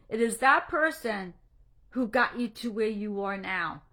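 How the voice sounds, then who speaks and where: A woman's voice: medium pitch, expressive, a little slow, pushed and bright. A middle-aged woman coaching on anxiety, talking directly to her group on a livestream in an earnest, slightly preachy way, emotional and close to tears. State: tearful, emotional. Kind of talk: casual livestream talk to a group.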